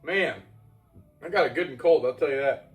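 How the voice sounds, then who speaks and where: A man's voice: mid-range voice, normal speed, soft background music. A man casually reviewing his own homebrew beer, rambling and correcting himself as he talks. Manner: rambling, self-correcting, chatty.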